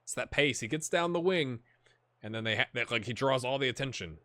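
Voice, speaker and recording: A man hosting a gaming video, chatting and reacting excitedly as he plays a football management game. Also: mid-range voice, fairly quick, no room sound. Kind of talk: live commentary while playing a football management game.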